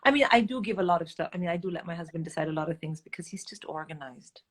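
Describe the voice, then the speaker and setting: A middle-aged woman from India, telling candid stories as a guest in a casual chat, animated and blunt, swearing freely. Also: fairly low pitch, very fast. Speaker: guest comedian.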